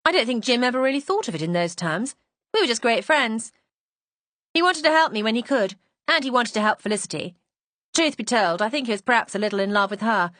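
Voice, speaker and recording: A defiant, self-assured young woman, as a woman narrator puts her on, speaking frankly and a touch higher than the narration. Her answers come direct and unapologetic in a dry, close mystery-audiobook read. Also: animated, a little fast, a bit bright, dry recording.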